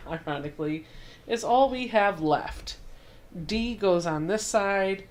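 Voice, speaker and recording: A woman's voice: mid-range voice, expressive, slow pace, darkish tone. A young adult woman hosting a casual home sewing tutorial, chatty and self-deprecating as she walks through each step. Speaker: quilting channel host.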